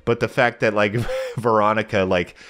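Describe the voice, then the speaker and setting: An American man gushing over a video game in a casual monologue as a let's play host, animated and sometimes swearing. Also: lowish voice, moderate pace. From United States.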